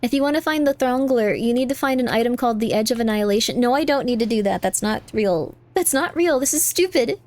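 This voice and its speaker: A young woman streaming a game live, chatting fast and often repeating herself, with sudden exasperated outbursts. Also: on the high side, animated. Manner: chatty, repeats phrases, bursts of exasperated yelling.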